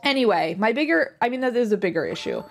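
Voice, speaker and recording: A woman livestreamer chatting casually while she plays, rambling along with lots of fillers and quick asides. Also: on the high side, big pitch swings, gravelly, faint music behind. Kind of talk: casual chat while gaming.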